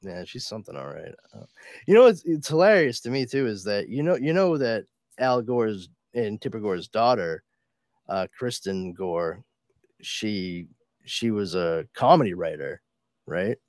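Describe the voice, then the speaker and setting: A man co-hosting a podcast in casual chat, telling stories with a lot of swearing and quick put-on voices. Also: fairly low pitch, very animated, a little mellow, dry recording, studio quality. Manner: chatty storyteller, swears, puts on voices in anecdotes. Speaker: podcast co-host.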